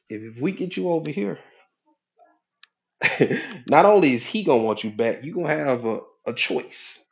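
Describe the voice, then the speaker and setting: A man's voice: mid-range voice, muffled recording. A man as a hypnotherapist and life coach giving a motivational talk, preachy and conversational, often checking in with his listeners.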